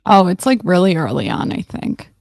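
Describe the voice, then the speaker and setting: Woman reaction host, low and gravelly, casual, cursing under her breath, dry close sound. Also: very animated, moderate pace, darkish tone, no echo, soft background music. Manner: distracted, swearing offhandedly while scrubbing a video. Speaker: reaction streamer. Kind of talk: casual live reaction commentary.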